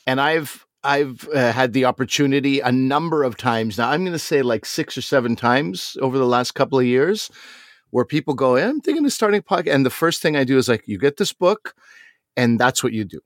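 A man's voice: medium pitch, a little fast, dry recording, clean studio sound. A man hosting a podcast in casual chat, teasing his co-host and talking with many fillers and restarts. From Canada.

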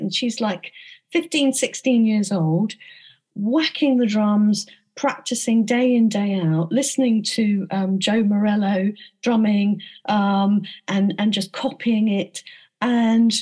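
A woman being interviewed about her book, speaking thoughtfully with frequent pauses and restarts. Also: mid-range voice, a little mellow. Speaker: author and interview guest. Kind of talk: conversational interview.

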